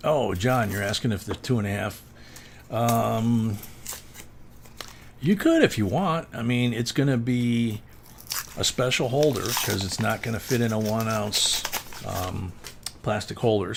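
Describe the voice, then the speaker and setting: A man with a fairly low, fry-tinged voice hosts a casual coin-hunting livestream, chatting and answering viewer comments while he sorts coins. There's some background noise in the recording.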